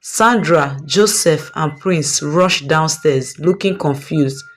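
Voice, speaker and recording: A woman narrating a dramatic family story in an expressive, scripted way. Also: deep voice, slow pace.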